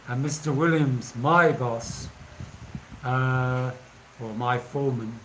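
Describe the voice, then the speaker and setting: A man's voice: medium pitch, a bit bright, a little hiss or hum, poor audio. A man, casually telling anecdotes and laughing as he goes. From England. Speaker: vlogger. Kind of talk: casual storytelling.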